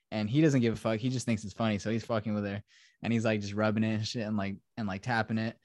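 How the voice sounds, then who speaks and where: A man's voice: fairly low pitch, level tone, quick pace, no room sound, studio quality. A young man hosting a podcast, rambling and swearing as he retells a film plot in casual chat. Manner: profane, rambling storyteller. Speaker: podcast host.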